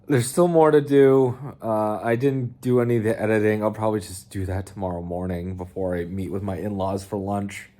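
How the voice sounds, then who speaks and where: Casual male vlogger, unhurried delivery, tired, rambling. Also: lowish voice, a little hiss or hum. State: tired, low energy. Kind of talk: casual vlog talk.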